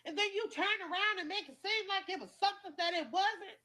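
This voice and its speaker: A woman's voice: very high voice, quick pace, bright, forceful tone. A woman business owner defending herself emotionally in a played video.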